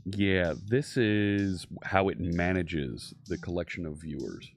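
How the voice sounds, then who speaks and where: A man's voice: low voice, slow pace, gravelly, faint music behind. A man hosting a live coding stream, chatting casually and thinking aloud with frequent fillers and restarts.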